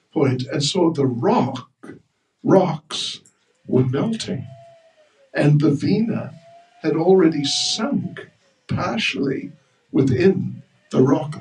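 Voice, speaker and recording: A man's voice: fairly high pitch, a little mellow. A man giving a storytelling religious class in a temple hall, joking with the audience. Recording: roomy hall, mic far off.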